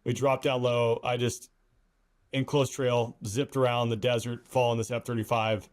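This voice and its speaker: A man's voice: medium pitch, flat delivery, moderate pace. A man hosting a podcast who is a former fighter pilot, chatting casually and trading his own flying stories. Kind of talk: casual interview chat.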